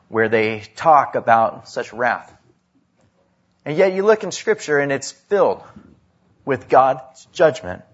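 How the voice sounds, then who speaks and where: Husky male preacher, loud then hushed. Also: medium pitch, highs cut off. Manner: preaching with sharp swings between loud emphasis and hushed drops. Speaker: pastor. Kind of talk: sermon.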